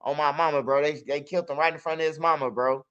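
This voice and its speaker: A man's voice: fairly high pitch, steady tone, fast, fairly bright tone, clean tone, lo-fi sound. Casual young man, raised voice, loose streetwise storytelling. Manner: streetwise, loose, peppers talk with "bro" and "you hear me". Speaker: channel host.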